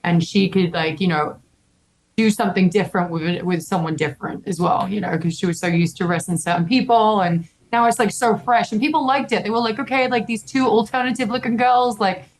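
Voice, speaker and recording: A young adult woman on a podcast telling a story in a lively, casual way, full of "like" and swearing. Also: fairly low pitch, brisk, rough recording. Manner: animated, heavy filler "like", casual swearing. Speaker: podcast guest.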